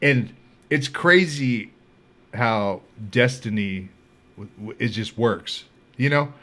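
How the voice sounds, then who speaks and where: A man hosting a podcast, telling stories in a casual, animated and profane way. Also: mid-range voice, slow. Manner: animated, profane, laughing storyteller. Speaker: podcast host. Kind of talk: casual storytelling chat.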